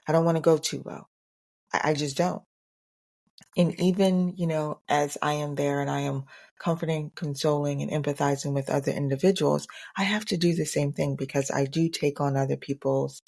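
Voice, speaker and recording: A woman hosting a solo podcast, speaking earnestly and reflectively at an unhurried pace, often repeating phrases for emphasis. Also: low-pitched, vocal fry, a little mellow. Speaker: podcast host.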